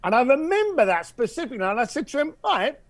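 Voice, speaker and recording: A man tells a story as a podcast guest and acts out each voice along the way. His voice runs high and swoops around a lot, and it is recorded close and dry. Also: fast, dry recording. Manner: animated storyteller, acts out voices, drops to a hush for effect. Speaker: podcast guest, concierge founder. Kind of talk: storytelling anecdote.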